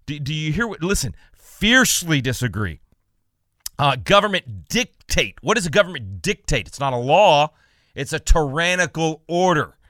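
Fast-talking bright-voiced radio host man. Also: on the high side, big pitch swings, dry recording, clean studio sound. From Texas. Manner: fast-talking, emphatic, repeats words. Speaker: radio talk show host. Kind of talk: talk radio monologue.

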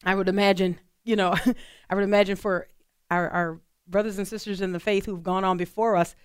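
A woman's voice: medium pitch, level tone, brisk, clear, resonant tone, no echo, clean studio sound. A woman co-hosting a radio talk show, chatting earnestly with plenty of fillers. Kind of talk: casual talk radio chat.

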